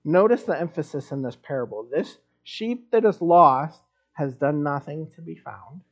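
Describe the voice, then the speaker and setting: A man's voice: a little high, expressive, normal speed, muffled recording. A man preaching a sermon in a conversational way, with wry asides. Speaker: pastor.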